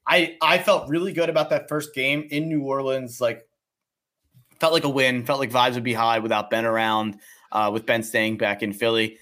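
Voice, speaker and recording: A man hosting a casual sports betting podcast, talking in a halting way with frequent restarts. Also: medium pitch, little pitch movement, sharp tone. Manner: hesitant, restarts often. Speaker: podcast host.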